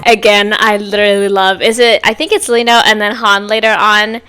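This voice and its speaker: A woman hosting a casual music reaction, talking in an excitable, gushing way. Her pitch sits in an ordinary middle range, and she lets out breathy exclamations between thoughts. Music plays quietly in the background. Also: brisk. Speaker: reaction video host. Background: faint music playing.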